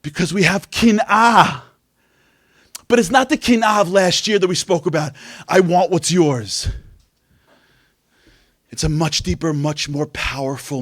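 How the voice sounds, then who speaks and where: A man giving a religious motivational talk, telling stories in an animated way and acting out voices. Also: on the high side, no echo, clean studio sound. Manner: animated storytelling, acts out voices. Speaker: speaker.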